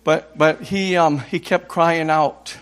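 A man's voice: on the high side, fairly even intonation, takes it slowly, smooth. Impassioned evangelist man preaching. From Minnesota. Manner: impassioned, repeats words, rises to loud cries. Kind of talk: sermon.

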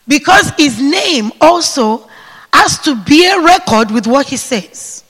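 A male preacher with a very high, bright, ringing voice delivers a sermon at a slow, deliberate pace. He calls on the congregation for responses and swings from hushed whispers to shouts. His voice trails off into the long reverb of a large church hall. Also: animated.

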